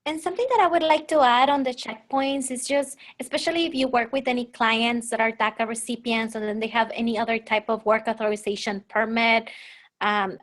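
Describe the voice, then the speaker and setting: A woman's voice: fairly high pitch, fairly bright tone. A woman panelist giving earnest advice in a webinar discussion. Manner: earnest, advising.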